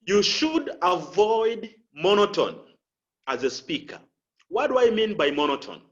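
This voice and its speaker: A man coaching public speakers, slow and deliberate, repeating key phrases and showing inflection with his voice. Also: high-pitched, big pitch swings, fairly bright tone, highs cut off. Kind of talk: instructional talk with spoken examples.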